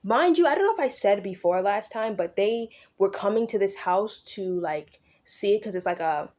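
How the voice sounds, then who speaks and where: A woman's voice: mid-range voice, expressive, darkish tone. Slangy young woman recapping a book. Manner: slangy, swears freely, acts out characters' lines in quick asides. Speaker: book vlogger recapping a novel. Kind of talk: casual chatty book recap.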